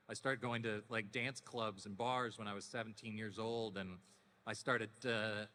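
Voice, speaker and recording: A man in his fifties, a voice actor guest at a panel, telling stories casually in a deepened, relaxed voice with frequent restarts. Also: a little hiss or hum. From Canada. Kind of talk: casual anecdotal panel talk. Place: convention panel hall. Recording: echoey convention hall.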